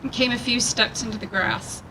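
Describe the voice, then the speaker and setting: A woman reading a prepared speech at a rally, earnest and measured, picked up from a distance outdoors. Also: a little high, fairly even intonation. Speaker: rally speaker. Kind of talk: prepared speech read aloud. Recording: distant mic with background noise.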